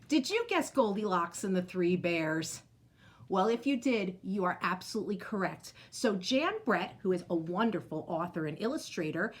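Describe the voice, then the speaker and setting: A woman teacher reads a storybook aloud in a high, lively voice that swoops up and down. She speaks straight to young listeners and keeps them involved with questions. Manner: animated, talks directly to young listeners. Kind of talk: read-aloud storytelling to children.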